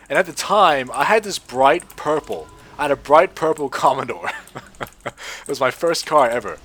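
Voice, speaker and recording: A young man talking in a loose, rambling way, with frequent swearing. He tells an anecdote and then talks over his own gameplay in a casual voice of ordinary pitch. Keyboard clicks sit behind him. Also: fairly quick. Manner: swears a lot, rambling and animated. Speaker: gaming video creator.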